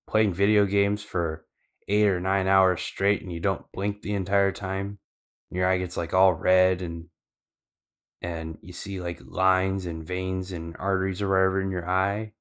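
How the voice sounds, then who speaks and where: A man with a deep, low voice recaps the story for a podcast. His delivery is casual and slangy, with loose fillers and asides. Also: a bit bright, clear, resonant tone. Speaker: podcast co-host.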